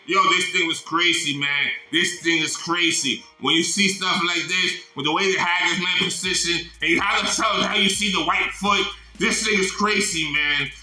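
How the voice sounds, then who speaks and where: High, bright-voiced man telling a story. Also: normal speed, reverberant, rough recording. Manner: animated, profane, repeats "man" often. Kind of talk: casual storytelling.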